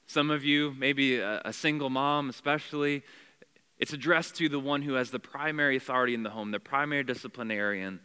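A man's voice: medium pitch, bright, forceful tone, clear, resonant tone, big-room sound. A man preaching a sermon to a congregation, driving points home with repeated phrases and direct commands, with chatty asides and self-corrections. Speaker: pastor. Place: church before a congregation.

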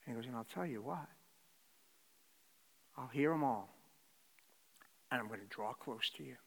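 A man preaching a sermon, swinging between loud exclamations and hushed near-whispers. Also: mid-range voice, moderate pace, gravelly, husky. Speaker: pastor. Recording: reverberant hall.

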